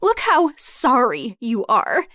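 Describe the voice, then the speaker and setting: A woman's voice: on the high side, wildly swooping pitch, slow pace, sharp tone, dry recording, clean studio sound, exaggerated voice. A woman voicing a spiteful, bitter young woman who scornfully accuses another. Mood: accusing. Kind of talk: dramatic story narration.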